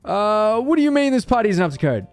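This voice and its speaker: A man voicing an entitled woman who demands the manager, reading chatbot lines aloud in an indignant, fast and huffy way. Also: high voice, sing-song, soft background music, pitched above the performer's own voice.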